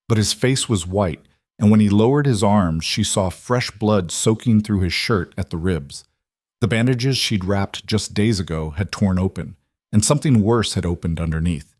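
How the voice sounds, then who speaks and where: Low-voiced man narrating a western story. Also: normal speed, darkish tone, no room sound, clean studio sound.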